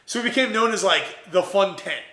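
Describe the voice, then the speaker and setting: A young man from Ohio, an entrepreneur guest, telling his story in a casual, animated way and acting out what others said. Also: high voice, brisk, echoey room, a little hiss or hum. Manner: animated, quotes himself and others in lively voices.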